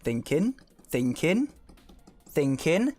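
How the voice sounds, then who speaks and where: Male streamer, Essex accent, chatty and animated, laughs easily. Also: a little high, takes it slowly, faint music behind. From south of England. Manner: chatty, reads chat aloud, laughs often. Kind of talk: live-stream tutorial chat.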